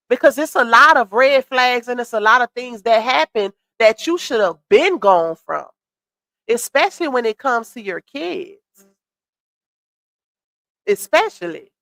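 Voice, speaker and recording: A woman's voice: fairly high pitch, dry recording. Chatty woman hosting a gossip livestream. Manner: chatty, shouting out viewers and reacting to gossip. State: voice slightly worn. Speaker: livestream host. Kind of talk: casual live-stream chat reading comments.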